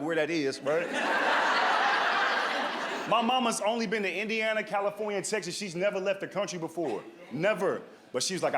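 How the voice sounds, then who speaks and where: Animated male stand-up comedian. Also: high voice. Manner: animated, tags lines with "right?" and "dog". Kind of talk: stand-up storytelling. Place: comedy stage.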